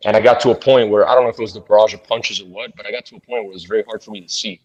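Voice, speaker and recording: A man, a bare knuckle fighter, telling a fight story in an interview in a blunt, profane, animated way. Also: fairly low pitch, very fast, highs cut off.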